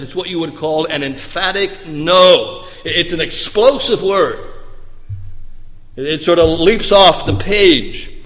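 A man preaching a sermon with emphatic delivery, swinging between loud bursts and soft, low stretches. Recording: long reverb of a large hall.

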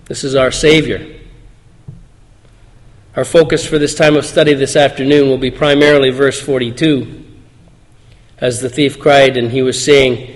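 A man reading scripture aloud and preaching a sermon in a church, in an earnest, measured way. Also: mid-range voice, level tone. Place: church sanctuary. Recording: long hall reverb.

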